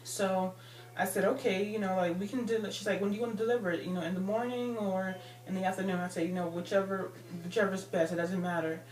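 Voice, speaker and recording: A woman's voice: medium pitch, fairly even intonation, quick pace, a little mellow, distant mic, slight background noise. A woman in her thirties telling a personal story in a rambling casual way, full of fillers. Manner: rambling, many "like" and "you know" fillers. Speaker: vlogger. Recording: roomy, off-mic with faint music.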